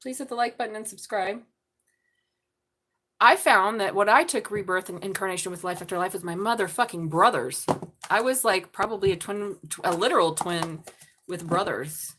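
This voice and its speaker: A woman's voice: medium pitch, moderate pace, a bit bright. A middle-aged woman giving a live-stream tarot reading, blunt and profane, joking and laughing often. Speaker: tarot reader.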